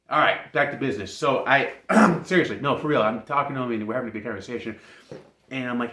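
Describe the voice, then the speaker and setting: A man telling a comic story to camera in an animated way, laughing often and insisting he isn't making anything up. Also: mid-range voice, brisk, long pauses. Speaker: vlogger. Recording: roomy echo.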